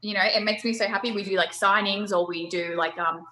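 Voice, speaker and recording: A woman guest chatting casually on a video call, relaxed with lots of fillers. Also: medium pitch, brisk.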